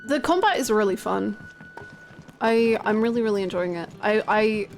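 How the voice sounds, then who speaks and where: A woman's voice: mid-range voice, lively intonation, moderate pace, soft background music. A woman live-streaming a game, chatting casually and giggling while she reads out her chat.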